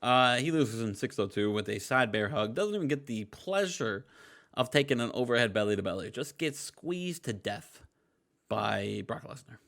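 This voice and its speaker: A man's voice: medium pitch, expressive, moderate pace, creaky, fairly bright tone. A man co-hosting a wrestling podcast, joking, teasing his partner and recapping matches in casual chat. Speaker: podcast co-host.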